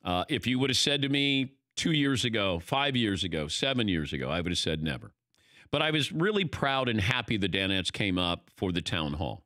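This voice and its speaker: Older male host, animated raconteur, bright tone, lively pitch. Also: normal speed, no echo, studio quality. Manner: animated storytelling, acting out quoted lines. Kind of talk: casual chat.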